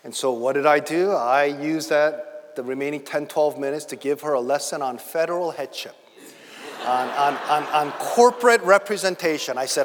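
Emphatic pastor preaching in a reverberant hall. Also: male voice, a little high, moderate pace, a little hiss or hum. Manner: emphatic preaching, swinging between loud declarations and quiet storytelling. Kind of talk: sermon.

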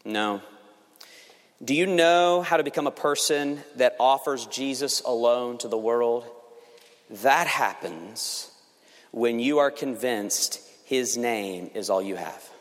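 Slow, earnest preacher man in a reverberant hall. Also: mid-range voice. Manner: emphatic, swings between loud and hushed. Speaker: pastor. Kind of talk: sermon.

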